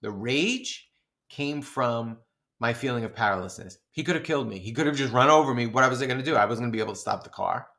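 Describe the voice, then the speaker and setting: Animated man telling a story. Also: medium pitch, quick pace, vocal fry. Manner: animated, acts out his own shouting and laughs through stories. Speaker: podcast co-host. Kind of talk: casual chat, storytelling.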